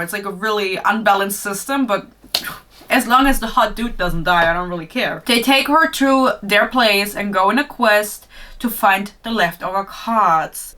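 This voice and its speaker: A woman's voice: medium pitch, bright, forceful tone, recorded from a distance. A young woman reviewing a book in a casual, sarcastic chat, full of swearing and laughter.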